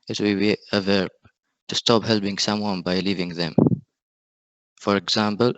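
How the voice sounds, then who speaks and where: A male student giving a short class presentation, reading his examples slowly and evenly over a video call. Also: fairly low pitch, level tone, a bit bright, dry recording, lo-fi sound.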